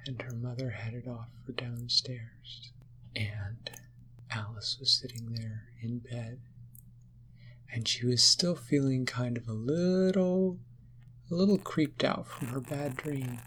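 A woman telling a spooky Halloween story to children, slow and hushed, sometimes dropping into whispers. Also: a bass voice, fairly even intonation, slight background noise.

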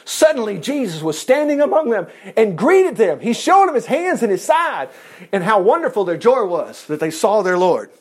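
A man's voice: high voice, normal speed. A man preaching a sermon, reading scripture aloud and breaking off into casual asides and chuckles. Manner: lively, asides and chuckles between verses.

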